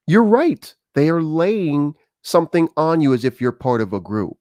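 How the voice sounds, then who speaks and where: A middle-aged talk show host speaks in a voice on the high side, at a moderate pace with hardly any pauses. He chats casually and tells animated stories, acting out the dialogue. The recording is dry and studio-clean.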